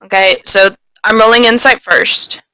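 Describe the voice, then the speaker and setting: A woman's voice: on the high side, steady tone, normal speed, pushed and bright, no echo, rough recording. A woman playing a tabletop game, hesitant and full of ums. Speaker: player. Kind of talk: casual tabletop play.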